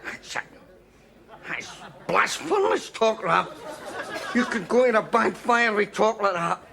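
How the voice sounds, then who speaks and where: An actor playing a meek, superstitious Scottish drinking buddy in a TV sitcom, fussy and boastful in manner. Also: male voice, high voice, unhurried, vocal fry, crowd noise. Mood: pious. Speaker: drinking pal Jamesy. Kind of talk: TV sitcom acting.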